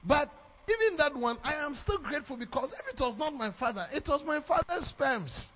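A Ghanaian man preaches a sermon with a high-pitched voice, hammering his points home by repeating them. His Ghanaian English accent is strong. The recording sounds dull and lo-fi. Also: very animated, normal speed, pushed and bright. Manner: emphatic, repeats lines for effect, mixes in Twi phrases.

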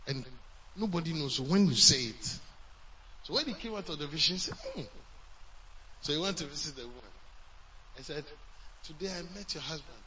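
A male pastor, preaching a sermon and telling a story, swinging between loud and hushed, on a dull lo-fi recording. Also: fairly high pitch, expressive, a little fast, pauses often, recorded from a distance, slight background noise.

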